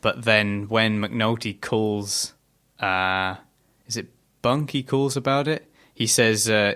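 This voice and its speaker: Guy with a low bright voice talking through a tv episode, lots of ums. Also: fairly even intonation, slow, few pauses, smooth. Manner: hesitant, many ums, thoughtful. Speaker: podcast co-host. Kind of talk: casual TV recap chat.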